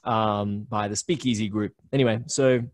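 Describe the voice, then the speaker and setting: A man's voice: fairly low pitch, fairly even intonation, normal speed, no room sound. A young Australian man in a casual remote interview, telling stories with lots of fillers and restarts. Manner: chatty storyteller with many fillers and restarts. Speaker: podcast network founder, guest. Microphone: remote call recording.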